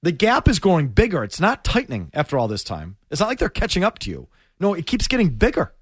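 A man hosting a call-in sports radio show, excitable and laughing often. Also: high voice, fast talker, husky, no echo, clean studio sound.

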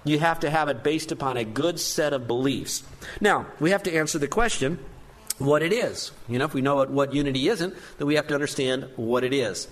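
A man's voice: on the high side, fairly quick. A man preaching a sermon as pastor, earnest and emphatic, with rising stresses on key points.

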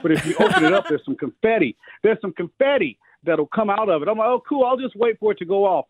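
A man of about fifty telling funny family stories in a casual chat, co-hosting a show and jumping higher whenever he quotes someone. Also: quick pace. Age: 50s. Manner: animated storyteller, jumps higher for quoted voices. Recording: tinny phone-like radio sound.

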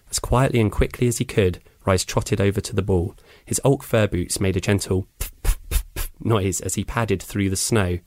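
A man narrating a children's adventure book with measured, dramatic pacing. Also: on the low side, darkish tone, no echo. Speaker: audiobook reader. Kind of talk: storybook narration.

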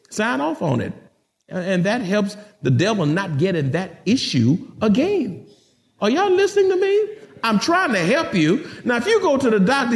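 Male pastor, middle-aged, high lively voice, folksy sermon delivery to his flock. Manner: animated preaching, folksy asides to the congregation.

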